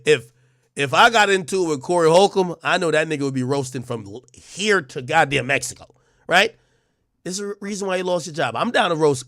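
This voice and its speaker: A brash man with a bright, forceful, fairly high voice rants a mocking roast, tripping over stammered restarts. The sound is close and dry. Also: no echo. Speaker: livestream host. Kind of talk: ranting roast monologue.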